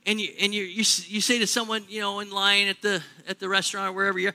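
A man preaching a sermon in a church, animated, acting out little everyday scenes in other voices. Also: high-pitched, quick pace, few pauses. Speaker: pastor.

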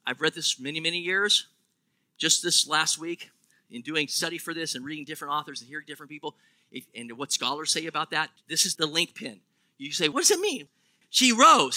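Man, preacher, sermon, very bright tone, high pitch, asks the room questions. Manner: animated, asks the congregation questions. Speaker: pastor.

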